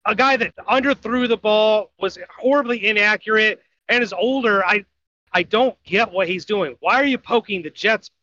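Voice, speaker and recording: A man's voice: high-pitched, moderate pace, sharp tone, highs cut off, a little hiss or hum. A man co-hosting a sports podcast, opinionated and asking exasperated questions. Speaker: podcast co-host. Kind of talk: casual sports chat.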